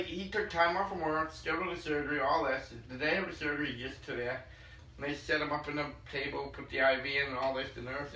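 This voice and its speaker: A man retelling stories with bright, lively quoted voices. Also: medium pitch. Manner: retells anecdotes with lively quoted dialogue, clears throat often. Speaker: podcast host. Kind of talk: casual storytelling. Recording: echoey room, distant mic, faint noise.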